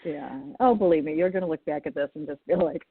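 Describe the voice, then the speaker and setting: A woman's voice: deep voice, quick pace, breathy edge, no room sound. Chatty woman host on a tinny line. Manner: chatty, laughing, lots of fillers. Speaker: podcast host and psychic reader. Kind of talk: casual interview chat. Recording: tinny phone-like sound.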